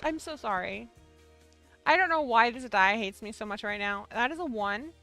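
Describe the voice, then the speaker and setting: Bubbly, high-pitched woman streamer. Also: normal speed, faint music behind. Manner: bubbly, excitable, chatty with viewers. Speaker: livestream host of a yarn shop show. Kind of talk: casual livestream chat.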